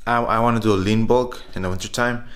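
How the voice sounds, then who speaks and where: With a lowish, slightly bright voice, fairly even intonation, and a quick pace, a man narrates his workout clips as a casual vlog. The fitness vlogger is loose and chatty, repeats himself, and keeps addressing viewers as "guys."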